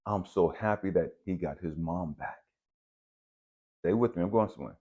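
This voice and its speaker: Speaking at a moderate pace in a low voice, this channel host shares a personal story over lo-fi sound. His casual, laid-back delivery blends spiritual musings with slang such as "bet" and "dap."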